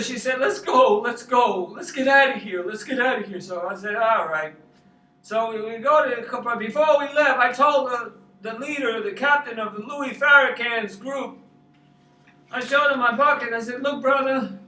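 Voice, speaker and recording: A man's voice: extremely high pitch, sharp tone, echoey room, recorded from a distance, low-quality recording. A man from Long Island, a pastor rambling through a personal testimony and repeating his words. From Long Island, New York. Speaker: street pastor. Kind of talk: storytelling testimony.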